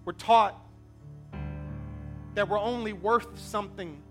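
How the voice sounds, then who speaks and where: Guy pastor with a pretty high voice, telling stories in a sermon, gets emotional, music under it. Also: slow, fairly bright tone. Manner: emotional, conversational storytelling preacher.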